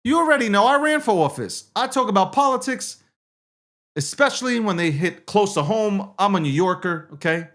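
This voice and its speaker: A middle-aged man, hosting a show and ranting in agitated political commentary, loud and repetitive, swearing and restarting his sentences. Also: high voice, expressive, normal speed. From New York City. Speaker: show host.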